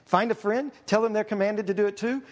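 Male pastor, middle-aged, fairly high voice; conversational sermon full of humorous asides. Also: fairly even intonation, fairly quick, a crowd in the background.

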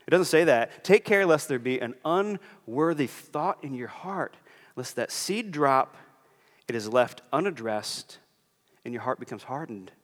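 Pastor, male, earnest sermon delivery with animated swings in pitch, recorded in a church with lingering reverb. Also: a little slow. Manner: earnest preaching, acts out quoted voices.

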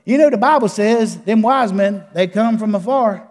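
A preacher putting on a nine-year-old East Texas boy, drawling and matter-of-fact, pitched high for a child. The line rings out with a long church reverb behind it. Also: normal speed, darkish tone, lightly acted.

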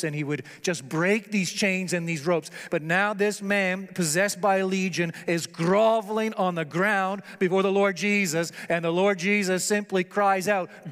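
Man, preacher, sermon, slightly high voice, swings between loud declarations and hushed tones, reverberant hall.

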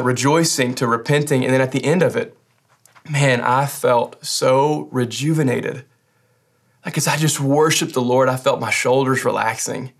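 A man preaching in an earnest, conversational way, often lifting his voice with feeling. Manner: earnest, conversational, with animated rises in pitch. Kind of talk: sermon.

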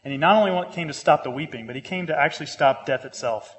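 A man's voice: a little high, quick pace. A man delivers a sermon. He speaks earnestly and restates key lines for emphasis. His words ring with a long reverb through a church hall. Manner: earnest, repeats phrases for emphasis, grows lively with humor. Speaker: pastor.

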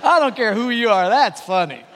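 A man with a notably high voice tells a story to a conference crowd, drifting between hushed asides and bright laughing bursts. His voice carries a long hall reverb around it. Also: lively intonation, moderate pace, noisy background. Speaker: pastor. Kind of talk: conference talk to leaders.

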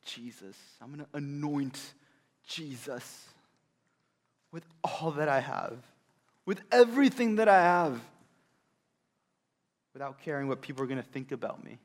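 A man's voice: a little high, animated, a little slow, long pauses. A male preacher voicing a devoted woman who is resolute about giving everything she has. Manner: earnest, resolute.

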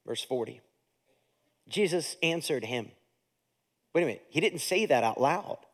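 Preaching at an unhurried pace, a pastor with a fairly high-pitched voice keeps his sermon lively and conversational. He mixes in jokes and performs different voices as he teaches.

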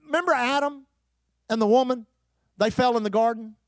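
A man preaching a sermon, emphatic, with rhetorical questions, repeated phrases and occasional shouted bursts. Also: very high voice, a little fast, no echo, clean studio sound. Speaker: pastor.

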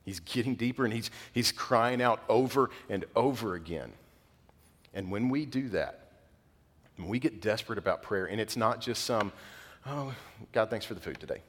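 A middle-aged man preaches a sermon in a chatty, storytelling way, his voice sitting fairly low. The sound rings out with the long reverb of a large hall. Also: normal speed. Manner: conversational, animated storytelling with laughs. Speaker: pastor.

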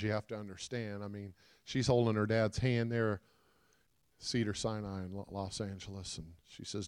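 Man preaching a storytelling sermon. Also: lowish voice. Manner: animated, swings from loud shouts to hushed quiet; calls out to the congregation. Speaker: guest preacher.

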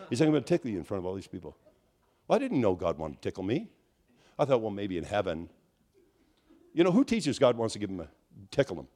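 Preacher guy in a sermon, lowish voice that jumps way up when he gets worked up. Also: fast talker. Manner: animated storytelling, rising to near-shouted high peaks. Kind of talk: charismatic sermon.

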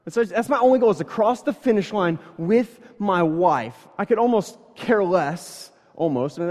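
A man in his thirties preaches in a church hall, his voice pitched high for a man. He talks in a loose, conversational way, full of quick asides. The long reverb of the hall hangs behind every phrase. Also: darkish tone. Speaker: pastor. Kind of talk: sermon.

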